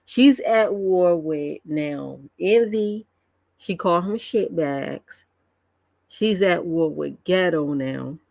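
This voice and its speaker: A woman streamer gossips through a laid-back live chat about online drama. Her voice sits low and she drags her words out slowly. She laughs a lot, and the sound is dry and close to the mic. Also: creaky, darkish tone, no room sound. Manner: gossipy, laughs often, drawn-out slangy commentary.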